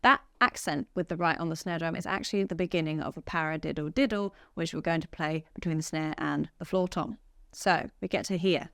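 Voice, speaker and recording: A woman's voice: low-pitched, fairly even intonation, brisk, vocal fry. A woman teaching a drum lesson, upbeat and counting beats aloud as she plays. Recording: music studio with loud drum kit.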